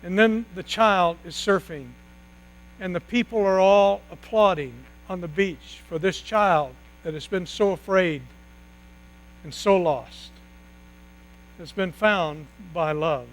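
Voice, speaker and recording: A man preaching a sermon, retelling a story dramatically with long pauses and sudden hushed drops. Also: sits high, poor audio. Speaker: pastor.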